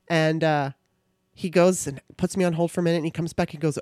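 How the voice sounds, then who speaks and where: A woman's voice: low voice, moderate pace, darkish tone, no room sound, clean studio sound. A woman hosting her own podcast, talking casually in a chatty, irreverent way and swearing now and then. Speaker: podcast host. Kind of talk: casual monologue.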